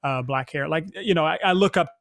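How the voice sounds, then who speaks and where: A young man from Northern California, a stage actor as interview guest, telling stories in a reflective, soft-spoken way with many fillers and restarts. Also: a little high, fairly quick, creaky, dry recording, studio quality. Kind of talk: casual interview storytelling.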